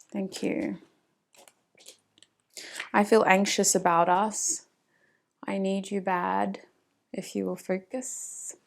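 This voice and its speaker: A woman's voice: medium pitch, creaky. A woman with an Australian accent giving a casual tarot reading, chatting to spirit and to her viewers and often laughing. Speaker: tarot reader.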